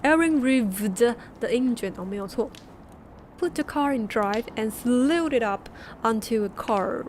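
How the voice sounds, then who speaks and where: A woman, a Mandarin speaker, reading a book aloud on a stream with halting restarts and chatty asides. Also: on the high side, animated, a little mellow, a little hiss or hum. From Taiwan. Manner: laughing asides between passages.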